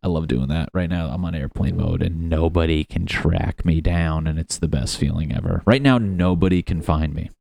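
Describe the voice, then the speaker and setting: Deep-voiced young man, rambling and profane. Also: normal speed, creaky, few pauses, noisy background. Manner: rambling, profane, self-mocking. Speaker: podcast host. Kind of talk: casual solo podcast monologue.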